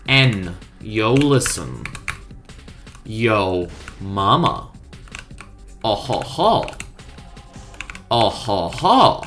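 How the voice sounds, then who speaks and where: A woman's voice: very deep voice, a bit bright. A woman streamer chatting casually over gameplay, sweary and wry, often mocking herself.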